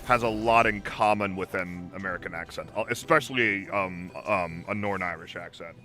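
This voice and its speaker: Bright-voiced rambling male streamer. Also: low-pitched, a little fast, soft background music. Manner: rambling, profane, many restarts. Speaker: voice actor and streamer. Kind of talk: casual gaming stream chat.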